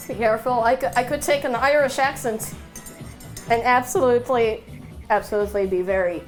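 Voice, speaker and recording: High-pitched teasing woman co-host, lively, casual stream banter. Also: slow pace, long pauses, faint music behind. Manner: playful, teasing, laughs often. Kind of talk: casual cooking stream chat.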